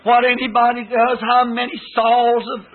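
A man's voice: extremely high pitch, monotone, moderate pace. A man preaching a fervent sermon, recounting a vision. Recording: tinny lo-fi old tape.

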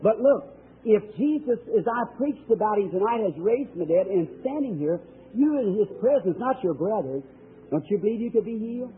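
A preacher and faith healer leads a healing service, praying and addressing people one by one in a fervent, emphatic sermon. His voice sits high, expressive and slightly rough, at a moderate pace. It's captured on thin, tinny old archival tape.

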